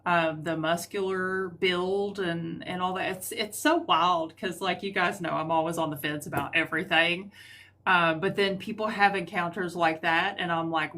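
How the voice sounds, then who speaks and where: A woman's voice: fairly low pitch, bright, forceful tone. Chatty, rambling Southern woman host. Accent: rural Southern US. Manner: chatty, rambling, full of ums and trailing thoughts. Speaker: host of a live paranormal call-in stream. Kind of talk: casual live-stream chat.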